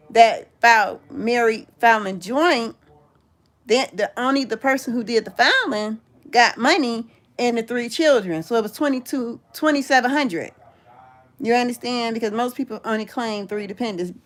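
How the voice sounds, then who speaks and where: A middle-aged woman hosting a casual livestream, chatting with viewers and calling out where they are from. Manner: chatty, reads out viewers' locations, calls out "in the house"; animated, jumps high in pitch when greeting viewers. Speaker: livestream host.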